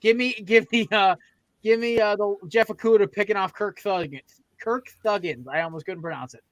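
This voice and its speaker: A man's voice: high-pitched, normal speed, no echo. A man hosting a sports podcast, casually picking games with profane, fired-up rants. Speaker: podcast host. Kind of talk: casual sports betting chat.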